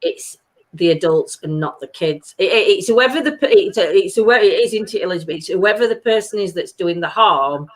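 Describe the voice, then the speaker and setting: A woman's voice: fairly low pitch, lively intonation, fairly quick. A middle-aged woman, chatting on a live show and calling her viewers by name. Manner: chatty, warm-hearted, calls viewers by name. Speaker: co-host of a live chat show. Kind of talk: casual live chat.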